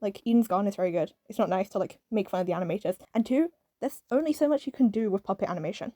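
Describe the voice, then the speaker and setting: A British woman talks at a rapid clip in a casual, rambling review, filling gaps with "um" and "like" and laughing often. Her tone is soft and mellow, and the sound is close and dry. Faint music plays underneath. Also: mid-range voice, no echo. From Britain. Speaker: video reviewer.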